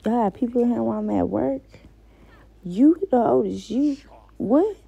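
A woman's voice: fairly high pitch, normal speed, gravelly, slightly rough, lo-fi sound, exaggerated voice. Woman putting on an angry scolding dad. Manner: scolding, bossy. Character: angry father scolding his kids.

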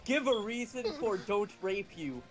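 A young man casually commenting on a game with friends, tossing in quick jokes. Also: high voice, animated, over music.

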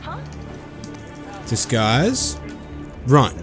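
A man giving jokey let's-play commentary, excitable and breaking into sudden high yelps. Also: drawn-out words, over music. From Australia. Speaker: gaming YouTuber.

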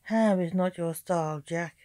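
The ghost of a highwayman, put on by a woman scolds and lectures his partner. His voice is slow and mellow, recorded dry and close. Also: dry recording, natural voice. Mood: scolding.

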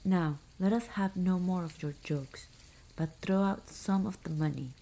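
A woman voicing wary, greedy male thieves in a whispered role-play, hushed and nervous. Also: on the low side, unhurried, slight background noise, low-quality recording.

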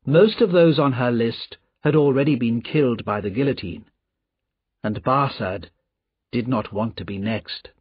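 Slow, husky male audiobook narrator. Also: medium pitch, no echo. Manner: slow, measured reading. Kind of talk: scripted narration. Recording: dull, dry audiobook recording.

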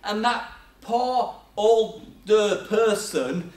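Speaking extremely slowly, an older man with a high, slightly mellow voice preaches in a church hall. He tells chatty stories about his own life, laughing at himself, all captured from afar with echoey church sound.

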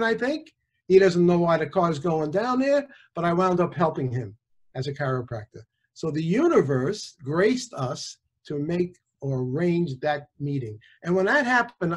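A man in his sixties, a chiropractor and author, telling personal anecdotes in a casual, animated way. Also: on the high side. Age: 60s. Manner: animated, conversational, with small restarts.

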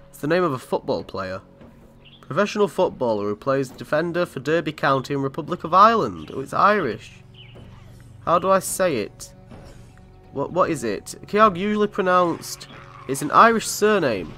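A man's voice: fairly high pitch, sharp tone. A man from commentating on a video game in a chatty, sweary way, often laughing. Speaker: gaming channel host.

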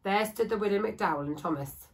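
A woman reading a children's story aloud in a steady, expressive storytelling voice. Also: mid-range voice, a little fast, rough recording. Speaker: school staff reader.

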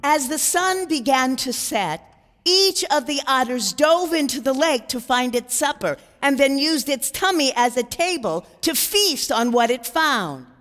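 A woman reading a children's storybook aloud as narrator, in an expressive storytelling manner. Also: high voice, a little slow. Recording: long reverb, faint background music.

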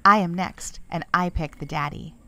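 A woman's voice: on the low side, normal speed, sharp tone. A woman voicing a boastful, argumentative boy who always wants to win, in a storybook reading. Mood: cocky. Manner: cocky, argumentative.

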